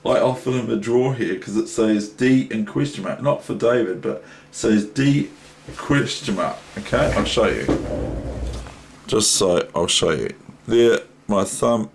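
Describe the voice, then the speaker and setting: A man teaching chess, talking through a game in a chatty, rambling way with many asides. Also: fairly low pitch. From New Zealand. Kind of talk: casual chess lesson analysing a game. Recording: echoey room with faint noise.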